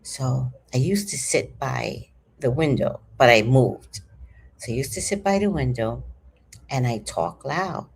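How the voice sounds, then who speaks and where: A woman in her fifties telling a story to her viewers in an animated, chatty way, swearing freely. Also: extremely low pitch, a little slow, gravelly, slightly rough. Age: 50s. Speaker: vlogger. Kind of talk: casual storytelling to camera.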